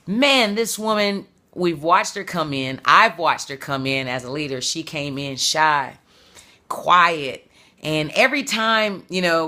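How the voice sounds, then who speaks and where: Passionate woman talking to her camera, bright tone, repeats stuff for emphasis. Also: deep voice. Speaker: vlogger and entrepreneur. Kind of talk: casual motivational monologue to camera.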